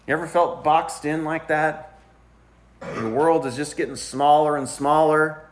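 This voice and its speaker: A man's voice: high voice, normal speed. A man preaching a sermon in a casual, conversational way, acting out the complaining voices of the people he describes. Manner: animated, acts out complaining voices. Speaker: pastor.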